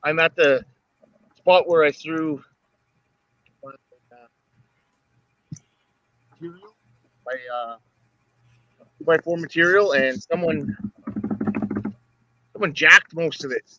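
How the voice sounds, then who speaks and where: Halting man outdoors, dull audio. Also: on the high side, sharp tone, a little hiss or hum. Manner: halting, laid-back. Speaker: co-host of a live stream. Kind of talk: casual chat. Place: outdoors at a campsite.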